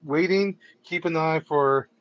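A man's voice: fairly high pitch, measured pace, no echo, lo-fi sound. A man joining a podcast as a guest, talking hesitantly with many "uh"s. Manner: hesitant, many filler sounds. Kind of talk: casual chat.

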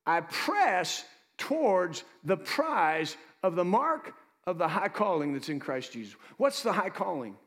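A man preaching a sermon as pastor, with lively asides to the congregation. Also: sits high, measured pace, few pauses, big-room sound.

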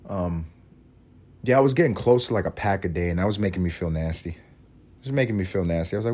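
Thirties male podcaster, lowish voice, profane self-mocking rambler. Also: expressive, fast talker, darkish tone. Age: 30s. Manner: cranky, scattered. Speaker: podcast host. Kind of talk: casual solo podcast rant.

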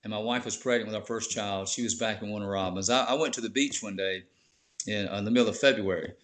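A man's voice: lowish voice, fast talker, fairly bright tone. A man, a bishop, telling his faith story on a podcast in an earnest, heartfelt way, often saying "man". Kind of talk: emotional testimony in casual chat.

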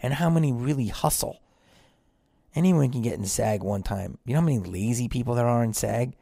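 A man's voice: medium pitch, fairly quick, vocal fry, warm tone, breathy edge, dry recording, studio quality. A man who is an actor and podcast host, delivering a blunt, profane, rambling monologue in casual talk. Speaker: actor on tour.

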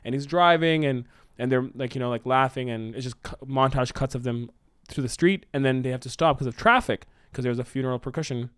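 A man co-hosting a podcast, pitching a film plot in a rambling, animated way with lots of fillers. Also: brisk, clean tone, no room sound, studio quality. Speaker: podcast co-host. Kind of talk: casual brainstorming chat.

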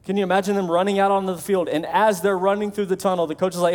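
A man's voice: high voice, fairly even intonation, very fast, a little mellow. A male pastor preaching a sermon in a conversational way, acting out the voices of the people he quotes.

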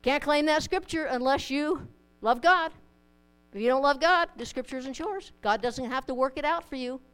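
A woman's voice: sits high, normal speed, fairly bright tone, poor audio. A woman preaching a sermon to a congregation, conversational and plainspoken, mixing scripture with homely stories and light humor. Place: church in front of a congregation.

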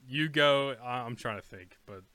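A man's voice: mid-range voice, moderate pace, sharp tone, dry recording. A young man co-hosting a podcast, telling stories bluntly and with animation in casual chat. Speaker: podcast co-host.

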